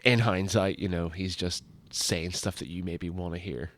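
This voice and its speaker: A man's voice: sits low, steady tone, moderate pace. A young man co-hosting a casual commentary podcast, rambling and joking, often slipping into silly voices. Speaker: podcast co-host.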